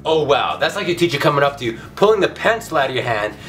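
A man commentating his own gameplay for a comic video, loud and excitable, ranting and yelling at the game, his voice going hoarse. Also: fairly high pitch, quick pace, far from the mic. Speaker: gaming video host.

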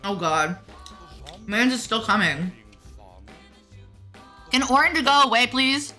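A chatty woman streams a game live, her fairly high voice bright and forceful as she answers her viewers. Soft music plays faintly behind her. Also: lively intonation, slow pace. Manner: chatty, reads chat aloud and answers viewers. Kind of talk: casual live-stream chat while gaming.

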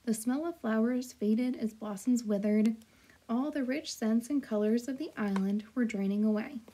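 A woman reads a children's storybook aloud in a gentle, measured way, her voice sitting a bit high. The tone is mellow and dark rather than bright, with a soft husky edge.

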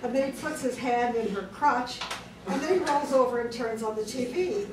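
A woman doing stand-up comedy on a club stage, telling jokes in a slow, deliberate way with filler pauses. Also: a little high. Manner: deliberate, drawn-out joke delivery with filler pauses. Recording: roomy club sound from far off, crowd noise.

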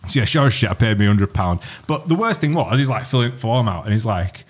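A man, hosting a podcast and telling a story in a lively, sweary way. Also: on the low side, quick pace, few pauses. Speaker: podcast host. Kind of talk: casual chat.

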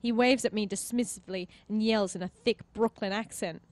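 A woman reading a story game aloud as its narrator, expressive and with giggly asides. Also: mid-range voice, fairly quick. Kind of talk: narrating a visual novel playthrough.

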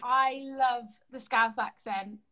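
A woman's voice: a little high, fairly even intonation, takes it slowly, pushed and bright. A woman in her twenties hosting a casual live-stream chat on her phone, chatty and enthusiastic. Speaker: host of an Instagram Live chat. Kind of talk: casual video-call chat.

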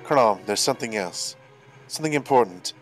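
A fierce, brash warrior queen , voiced by a man with a gruff accent that keeps slipping. The accent shifts from line to line. Faint game music plays underneath. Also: mid-range voice, animated, normal speed, natural voice. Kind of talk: amateur voice-over of game dialogue.

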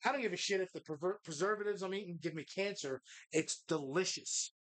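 A man's voice: sits high, a little fast, fairly bright tone. A man hosting a live bar show, chatting casually in a rambling, profane, jokey way.

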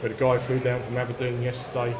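A man who runs a tool show answers questions in an earnest, steady way. His voice is mid-range, and a busy crowd carries on behind him. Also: mid-range voice, fast talker, poor audio. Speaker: show organiser. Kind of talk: interview answers.

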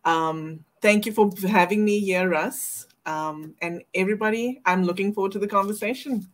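A woman guest introducing herself on a live talk show, measured and unhurried, with small fillers. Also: mid-range voice. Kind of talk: casual chat.

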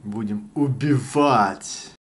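A young man with a Russian accent gives a halting, slow greeting to camera, stumbling over words. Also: on the low side. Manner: halting, reading slowly with slips. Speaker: guest friend.

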